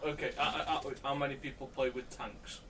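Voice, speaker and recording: A man's voice: mid-range voice, little pitch movement, fast talker, crowd noise. A man co-hosting a casual podcast who needles his co-hosts sarcastically. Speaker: podcast co-host. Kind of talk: casual banter. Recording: distant mic with faint background noise.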